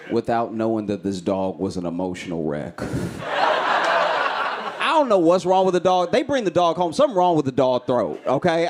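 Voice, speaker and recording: A male stand-up comedian telling a story on stage with a slightly high-pitched voice. He is animated and often breaks into loud, shouted voices. The live recording carries clear room noise with clicks around him.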